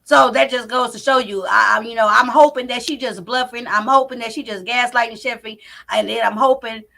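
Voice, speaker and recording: A woman hosting a live commentary stream from home, loud and profane, talking straight to her chat. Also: on the high side, fairly quick, vocal fry. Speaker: commentary channel host. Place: home, indoors. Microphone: not on camera, live stream mic.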